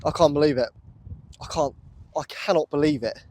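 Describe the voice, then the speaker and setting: This UK vlogger is metal detecting in a muddy field, talking to his audience in excited, breathless bursts and exclaiming the same things over and over in awe. He sits on the high side at a moderate pace, with a somewhat mellow tone and slight background noise; a tripod-mounted camera captures it.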